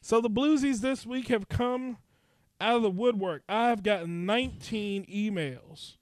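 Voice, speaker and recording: A man's voice: sits high, measured pace, no echo. A man hosting a comedy podcast, announcing segments and laughing often in casual banter, recorded in a home basement studio. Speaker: podcast host.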